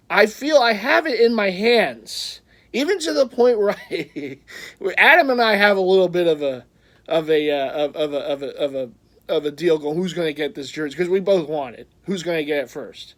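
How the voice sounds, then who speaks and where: A man telling a story in a casual vlog, rambling, stumbling over his words, laughing often and getting loud when frustrated. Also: on the high side. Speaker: vlogger, jersey collector.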